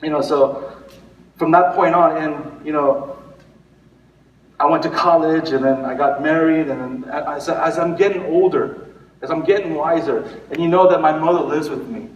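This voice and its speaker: A man's voice: on the high side, normal speed, muffled recording, a little hiss or hum. A man in his forties, a pastor, gives a conversational sermon full of restarts and fillers, sometimes tearing up. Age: 40s. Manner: conversational, many restarts and fillers, laughs at himself. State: tearful. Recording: echoey room, mic at a distance.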